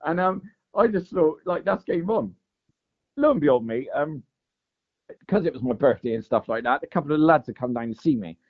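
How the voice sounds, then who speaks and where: At a moderate pace and a fairly high pitch, a podcast guest chats casually through a long fishing story. He's an animated teller who says "mate" and "like" frequently, captured in dull, lo-fi podcast audio.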